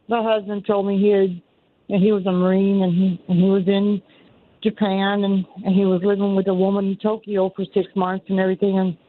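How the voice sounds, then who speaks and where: A woman in her sixties with a Southern accent, calling in to a radio show and telling her story in an earnest, rambling way, often repeating herself. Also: medium pitch. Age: 60s. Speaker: caller. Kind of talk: call-in radio talk. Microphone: telephone. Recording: tinny phone line.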